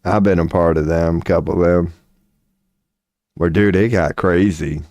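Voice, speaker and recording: Male streamer, casual and profane, dark mellow tone, dry close mic. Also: low-pitched, steady tone, moderate pace, long pauses, no echo. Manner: profane, laughing, rambling storyteller. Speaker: livestream host. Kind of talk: casual livestream chat.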